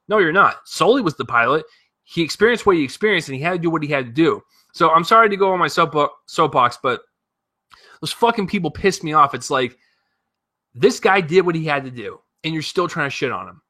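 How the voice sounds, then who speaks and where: A man with a bright, forceful, slightly high voice reviews a film off the cuff. He talks in animated bursts, swears freely and rambles through fillers and restarts. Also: fairly quick. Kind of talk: casual spoken movie review.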